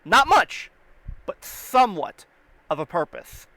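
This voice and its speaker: High, bright man in dry chat. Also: big pitch swings, slow pace, no echo, rough recording. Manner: hesitant, repeats words. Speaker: podcast co-host. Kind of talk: casual chat.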